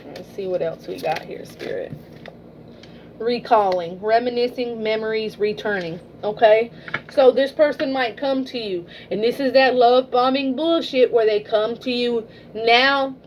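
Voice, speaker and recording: A woman's voice: on the high side, a little slow, muffled recording, a little hiss or hum. A woman giving a casual tarot reading, blunt and swearing freely, often ending a point with "okay?". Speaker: tarot reader.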